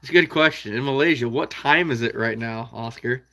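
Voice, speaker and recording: A young man from the American Midwest talks casually to his live-stream viewers. He answers their questions by name and laughs often as he chats. His voice sits at an everyday middle pitch. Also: fairly quick, bright, forceful tone. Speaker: trapping channel host reading live chat.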